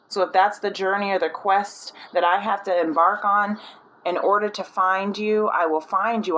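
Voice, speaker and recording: A woman's voice: mid-range voice, steady tone, unhurried, a bit bright, slight background noise, rough recording. Woman giving a rambling spiritual reading. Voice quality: rambling, frequent restarts and fillers. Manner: searching for words, thinking aloud. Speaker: spiritual reader. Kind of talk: casual channeled reading.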